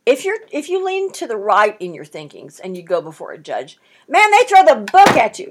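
A woman's voice: on the high side, huge pitch swings, measured pace, slight background noise. A woman teaching a Bible study, reading scripture aloud and commenting on it with strong emphasis.

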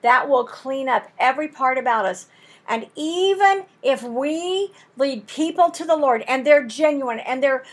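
A woman's voice: sits high, animated, a little slow. A woman teaching a Bible lesson in an earnest, emphatic way, using folksy turns of phrase and building intensity as she makes her points.

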